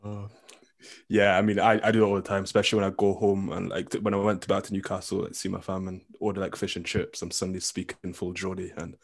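A young man with an English accent, chatting casually as a guest coach in an interview, full of ums and quick laughs. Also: sits low, level tone, vocal fry. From England. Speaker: coach and committee member.

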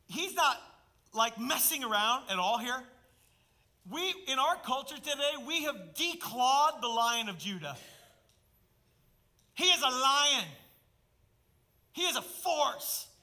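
A man preaching a sermon as lead pastor, swinging between emphatic loud bursts and hushed asides. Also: very high voice, expressive, slow, pauses often.

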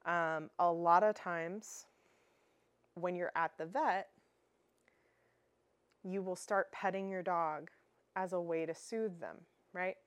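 A woman's voice: fairly low pitch, fairly even intonation, takes it slowly, pauses often, dry recording. A young woman hosting a dog training podcast, explaining in a casual, chatty way with fillers and restarts.

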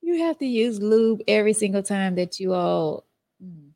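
A woman's voice: mid-range voice, animated, moderate pace, mellow. Woman co-host, casual chat, frank, laid-back advice-giver. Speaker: podcast co-host giving advice.

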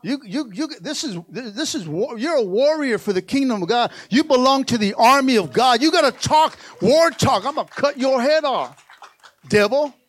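A male pastor preaching an animated sermon, calling out to the congregation again and again. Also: very high-pitched, moderate pace, hardly any pauses.

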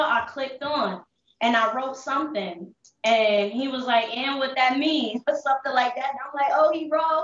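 A young woman candidly telling her hard life story in street slang, with halting restarts, holding back tears. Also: sits high, a bit bright, roomy sound, recorded from a distance, highs cut off. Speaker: interview guest. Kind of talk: emotional personal testimony.

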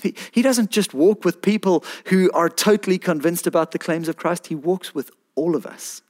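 At a normal speed, a male preacher addresses his congregation in what sounds like a sermon. His voice is slightly high for a man, and his animated, pleading delivery climbs to emphatic peaks.

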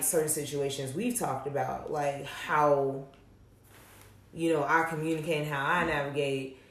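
Blunt, profane woman with a low voice. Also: reverberant. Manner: blunt, profane, animated storytelling. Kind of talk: casual candid chat.

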